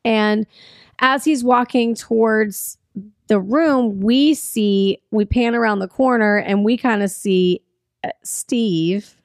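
Woman podcast cohost, kinda high voice, swears a lot, gets all excited retelling scenes, dry sound. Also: takes it slowly, no room sound. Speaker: podcast co-host. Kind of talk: casual chat recapping a film.

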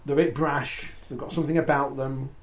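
A man's voice: mid-range voice, steady tone, brisk, a little hiss or hum. A man hosting a sports podcast, chatting and reading out listener comments. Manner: conversational, reads out listener comments. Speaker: podcast host. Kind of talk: casual sports discussion.

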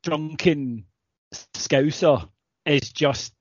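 A man's voice: fairly high pitch, very slow, dry recording, lo-fi sound. A British man co-hosting a podcast, ranting and swearing in casual chat. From Britain. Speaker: podcast co-host.

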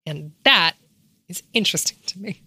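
A woman's voice: lowish voice, expressive, moderate pace, bright, forceful tone, husky, no room sound. A woman talking through an idea in an academic way, asking rhetorical questions as she explains. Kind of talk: casual analytical discussion.

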